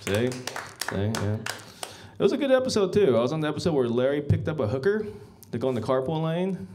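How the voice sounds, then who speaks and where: A male comedian with a fairly high voice that swings widely up and down, rambling through a stand-up set as the emcee. He mocks himself and chuckles at his own lines. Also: sing-song, a little fast, a little mellow, slight background noise. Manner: rambling, self-mocking, with chuckling asides.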